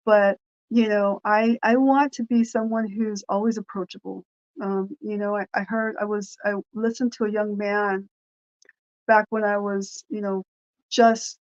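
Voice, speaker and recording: A woman pastor speaks in an informal devotional talk, earnest and meandering, stacking restarts and fillers as she goes. Her voice sits at an ordinary middle pitch. The recording is dull and somewhat lo-fi. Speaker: pastor and podcast host.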